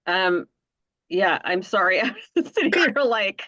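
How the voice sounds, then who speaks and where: A woman's voice: medium pitch, sing-song, slow, pushed and bright, dry recording. A woman, a podcast host and mother, talking in an earnest, rambling way full of fillers while close to tears. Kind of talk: casual conversation. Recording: dull lo-fi sound.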